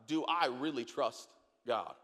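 A young man preaching a sermon, telling a story with acted-out voices, then dropping to quiet questions. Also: medium pitch, lively intonation, slow. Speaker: pastor. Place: large church hall. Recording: long hall reverb.

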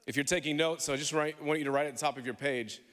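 A man preaching in a church, with a high, bright voice that carries a long reverberation through the hall. He tells stories with humor and calls on the congregation to answer him back. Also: fairly even intonation, fast. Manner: storytelling with humor, call-and-response with congregation. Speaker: pastor. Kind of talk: sermon. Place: church sanctuary.

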